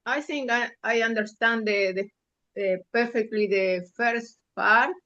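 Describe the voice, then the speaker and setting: Bright, halting woman student. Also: on the high side, highs cut off. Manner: slow, hesitant, halting. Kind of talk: class discussion.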